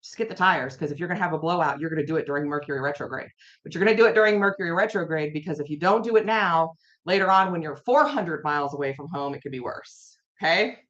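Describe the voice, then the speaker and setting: A woman's voice: deep voice, fast, fairly bright tone. A woman hosting a casual live-stream tarot reading from home, chatty and rambling, repeating herself and talking to viewers in chat. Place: her home. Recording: dull lo-fi audio.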